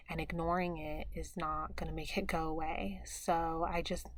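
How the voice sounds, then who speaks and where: A young woman talking quietly in a personal video diary, feeling low and tired, hesitant and pausing with many fillers. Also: level tone. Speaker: vlogger.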